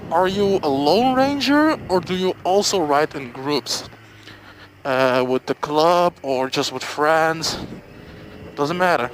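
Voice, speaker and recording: A man from Belgium interviewing a fellow motovlogger in a relaxed, slangy way. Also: fairly high pitch, slight background noise. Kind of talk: casual interview.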